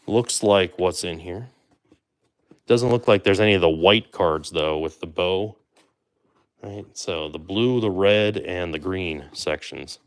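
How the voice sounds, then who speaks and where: A man hosting a live stream, chatting casually and making relaxed asides to his viewers. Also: sits low. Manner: chatty, relaxed, trails off with fillers and asides to chat. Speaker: livestream host opening baseball card boxes.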